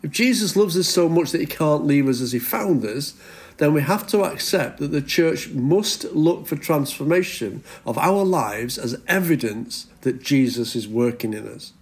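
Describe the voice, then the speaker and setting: A middle-aged male pastor preaching a sermon in an earnest manner, slowing down to stress scripture. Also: fairly high pitch, animated. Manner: earnest, slows down for emphasis when reading scripture.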